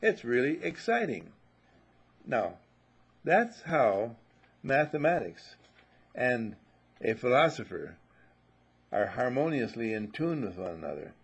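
A man's voice: mid-range voice, sing-song, slow pace, vocal fry, pauses often, breathy edge. A man giving a spiritual talk, musing and telling stories, and sometimes repeating himself. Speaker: spiritual teacher.

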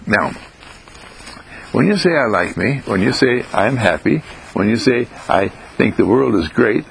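A man giving an inspirational self-help monologue, gentle and sing-song, repeating phrases with rising pitch. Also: animated, measured pace, gravelly, slight background noise, poor audio.

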